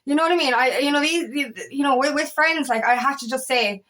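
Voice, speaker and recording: A woman talks straight to her audience as an empowerment coach. Her voice sits a little high. She is blunt and heated, swears freely and fills gaps with "you know.". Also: fairly quick, fairly bright tone. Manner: blunt and heated, swears often, frequent fillers. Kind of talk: casual motivational talk to camera.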